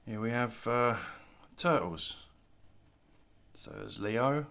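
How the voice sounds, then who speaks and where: A middle-aged man casually showing his artwork on camera, talking in a relaxed, rambling way with self-deprecating asides. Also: mid-range voice, takes it slowly, vocal fry. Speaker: artist showing his work. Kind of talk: casual show-and-tell narration. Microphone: camera mic, handling artwork.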